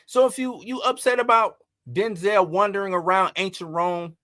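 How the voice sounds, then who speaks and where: Animated man with a bright, high voice. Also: moderate pace, dry recording, studio quality. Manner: animated, emphatic, rhetorical questions. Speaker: host. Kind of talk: entertainment news commentary.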